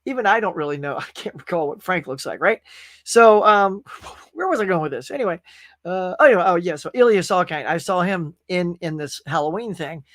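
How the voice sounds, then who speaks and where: A man's voice: sits high, expressive, brisk, a bit bright, dry recording, clean studio sound. A man hosting a casual pop-culture live stream, rambling through stories and reading viewer comments aloud. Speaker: podcast host.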